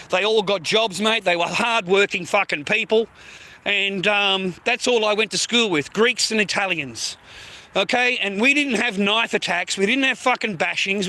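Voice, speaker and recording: A middle-aged Australian man vlogs on his phone outdoors on city streets, swearing constantly and adding "mate" to nearly every line. His voice is high and sharp-toned, and there's a little hiss or hum in this rambling street vlog.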